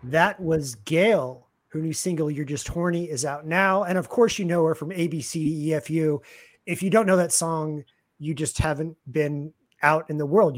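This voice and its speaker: Rambling, easygoing radio host voice. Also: mid-range voice. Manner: rambling, repeats words while thinking aloud. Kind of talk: casual interview hosting.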